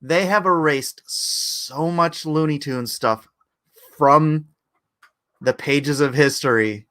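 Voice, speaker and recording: A man's voice: on the high side, takes it slowly, pushed and bright. A man hosting a live stream, chatting casually and rambling, who jokes and slips into goofy cartoon impressions. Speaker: host.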